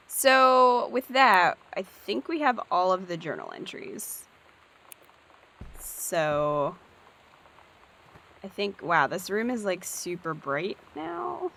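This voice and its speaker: A woman's voice: mid-range voice, sing-song, slow, gravelly, long pauses, pushed and bright. A woman giving casual, upbeat gameplay commentary and thinking aloud as she plays. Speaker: let's play host.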